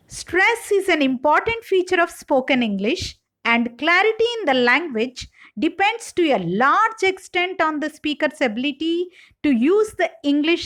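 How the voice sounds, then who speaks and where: A woman, an English professor, giving a slow and careful scripted lecture. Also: high voice, a bit bright, low-quality recording. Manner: slow, careful, deliberate delivery.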